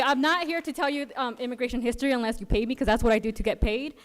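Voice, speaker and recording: A woman's voice: on the high side, fast talker, few pauses, fairly bright tone, a faint crowd, a little hiss or hum. A young woman from Southern California, a doctoral student, speaking assertively and sarcastically at a council podium, with frequent "um"s. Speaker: doctoral student giving public comment. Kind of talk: public comment speech. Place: city council chamber.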